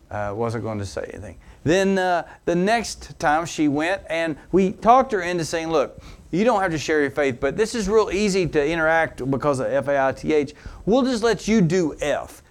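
A man preaching as a pastor. He tells an anecdote with animated energy, then turns low and earnest for the teaching. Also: normal speed. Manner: animated storyteller who laughs along with his own anecdote. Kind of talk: sermon storytelling.

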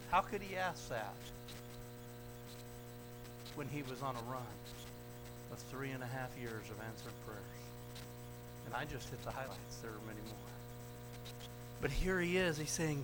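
An American man delivers a sermon in a somewhat high voice. He lifts into loud, dramatic retellings and then falls to quiet, low reflections. A steady electrical hum sits beneath the recording. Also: normal speed, long pauses. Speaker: pastor. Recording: mains hum behind the voice.

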